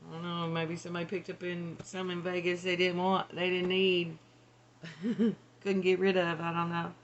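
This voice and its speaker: A woman's voice: fairly low pitch, monotone, unhurried, slight background noise. A woman working as a psychic medium, relaying channeled messages in a hesitant, tentative way. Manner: hesitant, tentative, laughs between.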